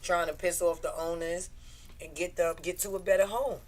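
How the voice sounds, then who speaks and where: A woman comedian on a podcast, chatting casually, swearing often and acting out quotes loudly. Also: on the low side, fairly even intonation, normal speed, low-quality recording. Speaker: comedian guest.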